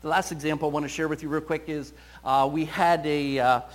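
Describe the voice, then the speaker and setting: A man, a counselor, telling stories from his counseling work in an animated, storytelling way. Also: fairly high pitch, fairly quick. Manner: animated storyteller, quoting voices. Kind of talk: storytelling talk.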